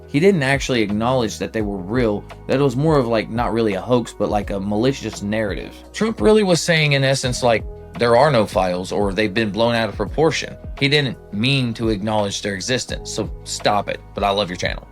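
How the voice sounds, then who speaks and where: A man's voice: on the low side, animated, brisk, soft background music. A man hosting a commentary show, answering other commentators point by point in a casual way with lots of "like". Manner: casual, rebutting point by point with filler "like". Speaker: show host.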